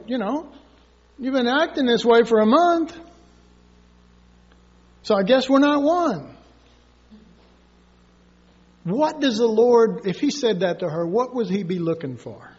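A man preaching a sermon in an animated way, acting out the people he quotes. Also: measured pace, long pauses, breathy edge. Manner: animated, acts out quoted voices with sudden high cries. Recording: dull echoey recording from far off.

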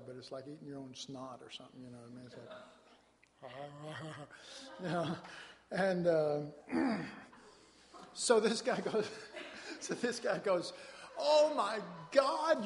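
A man's voice: a little high, slight background noise. A man from Dallas, Texas, preaching a sermon in a folksy, storytelling way with colloquial asides. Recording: long hall reverb.

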